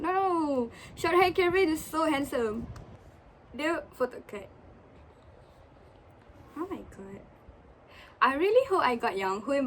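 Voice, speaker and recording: Excitable young woman unboxing. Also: fairly high pitch, a little hiss or hum. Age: young adult. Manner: excitable, gasping and squealing. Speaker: vlogger. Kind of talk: casual album unboxing chat.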